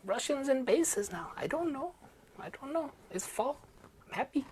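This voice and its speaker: A woman's voice: sits high, lively intonation, normal speed, darkish tone, slight background noise. A woman hosting a satirical news podcast, talking in a playful, sarcastic sing-song way with mock cheering and clipped, broken-English asides. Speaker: podcast host.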